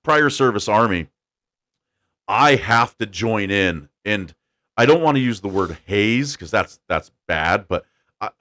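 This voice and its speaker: A man hosting a podcast, telling a story in a casual, animated way and laughing as he goes. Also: on the low side. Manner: animated, laughing storyteller doing quick voices. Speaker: podcast host.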